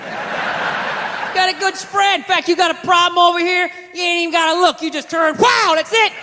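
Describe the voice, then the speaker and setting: A comedian putting on a drawling redneck gun-store clerk. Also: male voice, very high voice, fairly even intonation, normal speed, in a large hall, background noise, pitched above the performer's own voice. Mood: drawling, insistent. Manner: drawling, trailing off, repeating himself. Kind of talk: stand-up impression.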